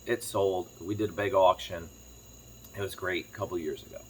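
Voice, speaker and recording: A man chatting casually to camera as a farm vlogger, telling a rambling story quickly while sitting on his kitchen floor. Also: deep voice, fairly even intonation, slight background noise. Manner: rambling, fast-talking storyteller.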